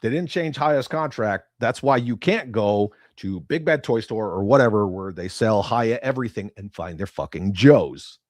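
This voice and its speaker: Male livestream host, blunt and profane, very animated pitch, dry close-mic sound. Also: no echo. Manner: profane, blunt, quick swings between loud and muttered. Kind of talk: casual livestream chat reading viewer comments.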